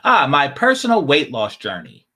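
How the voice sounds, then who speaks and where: A man's voice: on the high side, huge pitch swings, normal speed, sharp tone. A man hosting a commentary channel, talking casually and sarcastically, repeating his points for emphasis.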